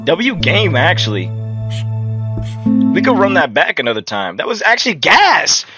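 Excitable young game streamer, swinging pitch. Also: male voice, a little slow, muffled recording, over loud music. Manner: excitable, swearing, laughing. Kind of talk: live gaming commentary.

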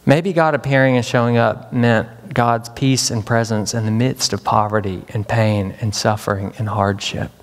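Male pastor from Memphis, dramatic preacher of questions, average pitch, heard in a reverberant hall. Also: fairly even intonation, moderate pace, hardly any pauses. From Memphis, Tennessee. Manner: dramatic, with many rhetorical questions. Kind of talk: chapel sermon. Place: large chapel hall.

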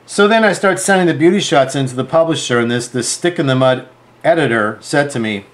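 A man's voice: medium pitch, brisk. A man, a sewing designer, telling a story to camera in a chatty, rambling way and acting out the dialogue. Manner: animated, acts out quoted dialogue.

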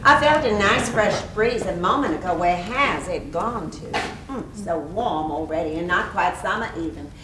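A woman's voice: fairly low pitch, expressive, moderate pace, hardly any pauses, lightly acted. An actress playing a middle-aged Southern mother, a faded belle who chatters and flirts with little laughs, in a stage play. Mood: chattering. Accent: American Southern. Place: theater stage. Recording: roomy stage audio from far off with hiss.

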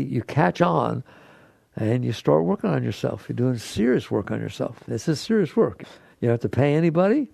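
Man teaching spiritual stuff to a crowd, super gravelly and kinda husky, repeats himself a lot. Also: mid-range voice, mellow, no room sound, clean studio sound. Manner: emphatic, repetitive, conversational. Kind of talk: spiritual talk to an audience.

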